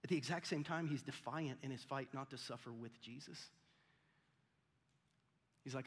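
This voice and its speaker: A man's voice: mid-range voice, moderate pace, long pauses, breathy edge. Man preaching in a reverberant church. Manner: conversational preaching, acts out voices in quotes. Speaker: pastor. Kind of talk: sermon. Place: church auditorium. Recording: long church hall reverb.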